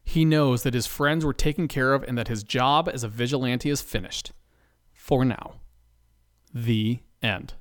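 A man narrating a comedic story in a playful, deadpan way. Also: medium pitch, measured pace, dry recording, studio quality.

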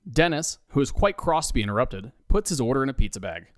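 A man narrating a comedy audio story with a dry, wry touch. His pitch moves a lot, and the recording is close and dry. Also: sing-song, quick pace, dry recording.

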